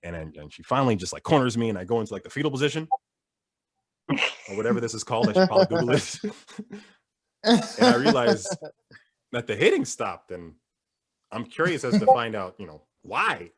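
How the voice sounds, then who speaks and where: A man performing a stand-up comedy set, telling family stories with lively, swinging delivery. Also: a little fast, pauses often. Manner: animated storytelling with wide pitch swings.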